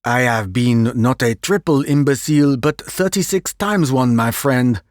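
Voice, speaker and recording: A man voicing a fussy, vain, excitable middle-aged Belgian detective who drops French phrases, in an audiobook reading. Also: medium pitch, measured pace, dry recording, clean studio sound, lightly acted.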